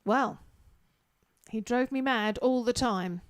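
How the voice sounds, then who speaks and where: A woman co-hosts a casual chat, telling travel stories and laughing along. Her voice sits a little higher than usual. The delivery is easy and conversational. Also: takes it slowly. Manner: chatty, laughs often, tells stories. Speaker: co-host.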